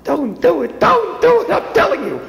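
A man voicing a pompous, panicky male vice president who pleads in a high, fussy voice. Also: big pitch swings, brisk, highs cut off. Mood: pleading. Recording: roomy echo.

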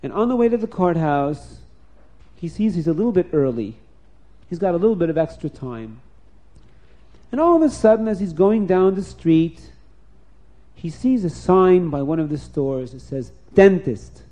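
A man telling a story aloud, acting out the characters' lines with lively shifts in pitch. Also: moderate pace, long pauses. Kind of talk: spoken storytelling.

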